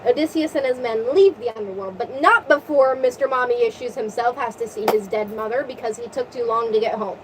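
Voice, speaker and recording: A young woman retelling a story in casual, crude, excitable slang. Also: on the high side, brisk, hardly any pauses. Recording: distant mic with faint vehicle noise.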